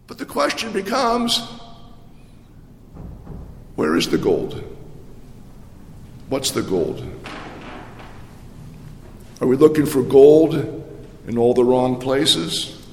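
A man preaching a sermon as a pastor, animated and full of rhetorical questions and repetition. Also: on the high side. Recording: echoey hall with long reverb.

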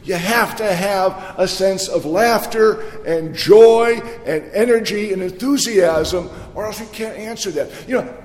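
A man preaching a sermon in a church, telling jokes and voicing the people in them with lively delivery. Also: high voice, measured pace, hardly any pauses. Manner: jokey storyteller, voices the jokes, lively preaching. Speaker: pastor. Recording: echoey hall reverb.

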